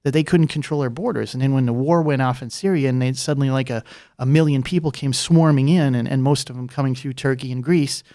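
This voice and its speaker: Fast-talking, rambling man. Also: medium pitch, steady tone, mellow, dry recording, studio quality. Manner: rambling, fast, many fillers and asides. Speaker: guest, former political candidate. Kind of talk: casual political chat.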